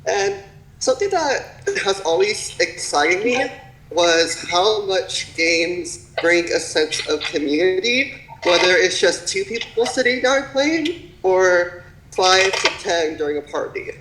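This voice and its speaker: A man's voice: high voice, lively intonation, takes it slowly, pushed and bright. A young man, a podcast guest, telling stories and acting out quotes with casual swearing. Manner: storytelling, acts out quotes, swears. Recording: echoey room, faint background noise.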